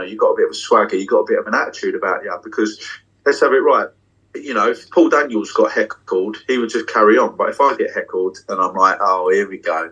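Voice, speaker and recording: Husky swaggering magician, slightly off-mic. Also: male voice, lowish voice, distant mic, rough recording. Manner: swaggering, swears freely, talks in long excited runs. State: getting emotional. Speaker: magician and tour guest. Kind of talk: candid casual interview. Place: backstage dressing room.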